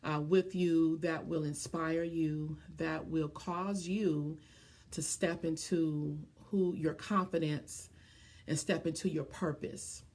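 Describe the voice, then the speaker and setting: Earnest woman coach talking live, low-toned. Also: fairly even intonation, takes it slowly, darkish tone. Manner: earnest, greets viewers by name mid-sentence, many ums and restarts. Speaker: business coach. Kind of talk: live stream talk to viewers.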